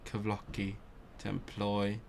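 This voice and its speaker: Slow, low-voiced man drilling vocabulary. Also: monotone, creaky, slight background noise. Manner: repeats words slowly, muttering to himself as he drills vocabulary; self-talk with restarts, low-key. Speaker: language learner streamer. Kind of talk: study stream, thinking aloud.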